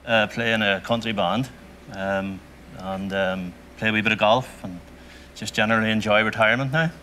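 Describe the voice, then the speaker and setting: A man's voice: fairly low pitch, fairly even intonation, moderate pace, bright, forceful tone, a little hiss or hum. An older retired man, a quiz contestant giving hesitant answers with fillers in a TV studio.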